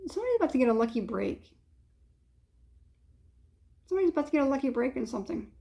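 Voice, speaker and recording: A woman's voice: sits high, very animated, fast talker, gravelly, warm tone. A woman giving a casual tarot reading, rambling and hesitant, with many fillers and frequent chuckles. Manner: chuckles often. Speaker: tarot reader.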